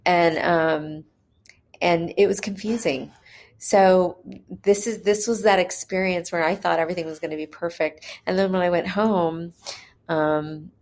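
Low-voiced woman telling a personal story. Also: fairly even intonation, a little mellow. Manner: hesitant, with frequent pauses and fillers; earnest and candid. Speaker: mother telling her birth story.

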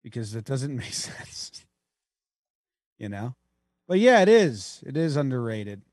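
A man co-hosting a podcast, bantering casually about baseball in an animated, jokey way. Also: mid-range voice, measured pace, no room sound, studio quality. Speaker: podcast co-host. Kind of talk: casual sports chat.

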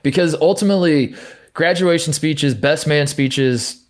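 A man's voice: fairly high pitch, a little slow. A young man co-hosting a podcast, telling stories in a rambling way full of restarts and stammers. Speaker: podcast co-host. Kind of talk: casual chat.

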